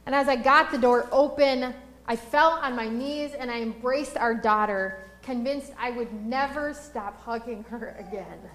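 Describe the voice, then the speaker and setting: A woman pastor giving a sermon, telling a personal story and slowing down to read scripture aloud. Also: a little high, fairly bright tone, a little hiss or hum. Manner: storytelling, slows for scripture reading. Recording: roomy echo.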